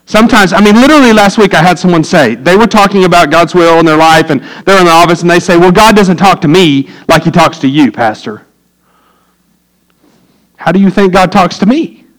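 A middle-aged man delivers a sermon to his congregation. His voice sits high for a man. He talks in a folksy, conversational way and drops in self-deprecating jokes. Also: a bit bright, rough recording. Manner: folksy, joking asides. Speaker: pastor.

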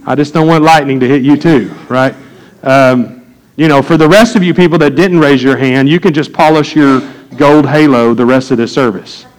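A pastor in the pulpit delivers his sermon conversationally, in a mid-range voice on poor-quality audio. He fills it with frequent verbal fillers and tosses light jokes to the congregation.

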